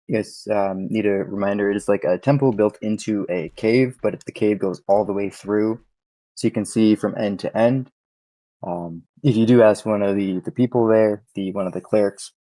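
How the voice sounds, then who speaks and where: A man's voice: fairly low pitch, warm tone, dry recording, rough recording. A man narrating as game master for a tabletop game, rambling with lots of fillers as he describes the scene.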